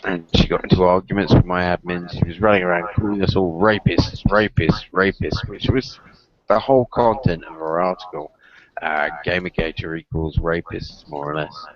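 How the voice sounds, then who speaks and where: A man's voice: low-pitched, steady tone, normal speed. A man hosting a casual stream, a bit drunk, rambling and correcting himself as he talks. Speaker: stream host. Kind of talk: casual podcast chat. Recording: muffled lo-fi stream with crowd noise.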